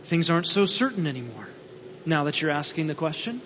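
A man's voice: on the high side, big pitch swings, fairly quick, fairly bright tone. A man preaching an expository sermon in an earnest, explanatory way, asking rhetorical questions, in a church hall. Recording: dull, reverberant hall recording with faint hum.

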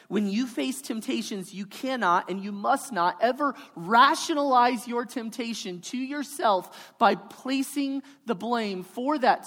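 A woman preaching a sermon in an emphatic, repetitive cadence, building her points line by line. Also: on the high side. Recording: hall reverb.

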